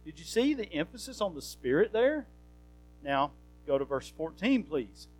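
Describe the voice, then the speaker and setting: Man, preacher, high voice, earnest conversational sermon, soft guitar in background. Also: very animated, moderate pace, poor audio. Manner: earnest, conversational Bible teaching with fillers and rising emphasis.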